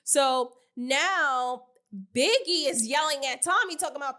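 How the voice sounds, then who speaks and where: A woman co-hosting a podcast, casually recapping a reality show with animated retelling and free swearing. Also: sits high, a little slow. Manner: animated retelling, acting out quotes, swears freely. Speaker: podcast co-host.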